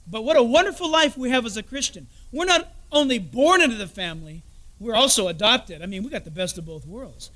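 Male pastor preaching, really high voice, storytelling with quiet asides. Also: lively intonation, brisk. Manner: storytelling preacher, drops to soft confiding asides. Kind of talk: sermon.

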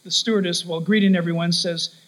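A man preaching a sermon, telling stories with lively shifts of voice and acting out the people in them. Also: sits high, quick pace, rough recording. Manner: animated storytelling, acts out quoted voices.

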